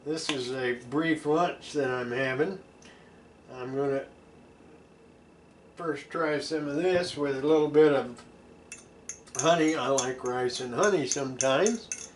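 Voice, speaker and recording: A man's voice: mid-range voice, takes it slowly, pauses often, slight background noise. A man hosting a home cooking show, talking in a folksy, chatty way while he tastes the food. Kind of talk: casual cooking demonstration.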